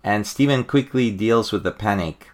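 A man hosting a casual podcast, excitedly retelling a comic-book story with lots of fillers and restarts. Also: lowish voice, moderate pace. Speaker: podcast host.

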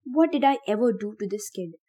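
A woman's voice: medium pitch, animated, brisk, warm tone, slightly rough. A woman voicing a bewildered, frightened teenage boy.

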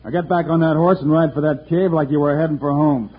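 An actor playing a steady US marshal hero in a 1950s radio western, calm, firm and authoritative. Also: male voice, on the high side, fast, loud music behind the voice, lightly acted. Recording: old muffled radio broadcast with loud hiss.

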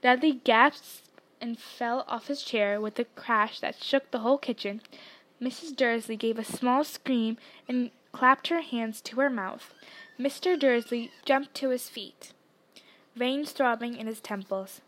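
High-voiced woman reading a novel aloud. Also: unhurried, a bit bright. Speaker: audiobook reader.

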